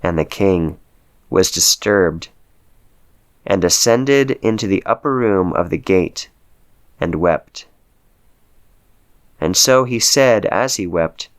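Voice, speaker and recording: Slow, measured male Bible reader. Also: low-pitched, animated, clean tone. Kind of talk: scripture reading.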